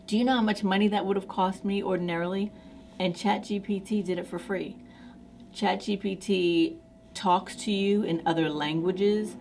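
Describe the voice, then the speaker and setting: A woman's voice: fairly low pitch, darkish tone, slight background noise. A woman vlogger chatting casually to camera in an effusive, enthusiastic way, with many fillers.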